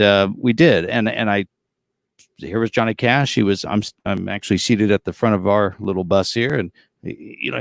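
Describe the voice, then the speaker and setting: A man around forty speaks on a video call from the front seat of a tour bus, his voice sitting low and sounding close and dry. He tells his stories in an easygoing, rambling way, full of fillers. He is a guest recounting his life as a tribute performer. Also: creaky, dry recording. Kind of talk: casual storytelling interview.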